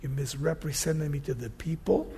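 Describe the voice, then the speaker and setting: God talking low and calm, stern but patient, husky, a preacher doing the voice. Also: male voice, moderate pace.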